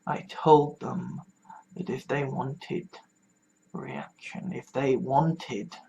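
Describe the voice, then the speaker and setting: A speaker talks quietly into a vlog, stopping and restarting and repeating words. The voice sits mid-range and moves slowly, and at times it sinks almost to a whisper. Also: medium pitch, steady tone, vocal fry, a little hiss or hum, rough recording. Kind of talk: confessional vlog monologue.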